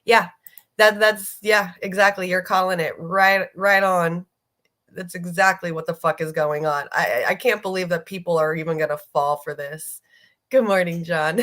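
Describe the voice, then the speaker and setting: A woman's voice: on the low side, steady tone, moderate pace, fairly bright tone. A woman hosting a casual political livestream, talking bluntly and profanely, exasperated as she reads viewer comments aloud. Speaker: streamer host.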